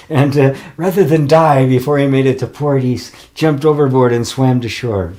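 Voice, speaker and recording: A man's voice: mid-range voice, moderate pace, dark tone. An older man in casual chat, rambling with fillers, restarts and frequent chuckles as he reads viewer comments. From United States. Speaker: spiritual teacher.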